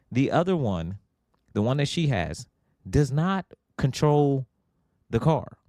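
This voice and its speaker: A middle-aged man hosting a podcast, telling a family story in a casual, animated way and acting out what people said. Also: creaky, dry recording, studio quality. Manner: animated, acts out quotes with big pitch jumps. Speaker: podcast host.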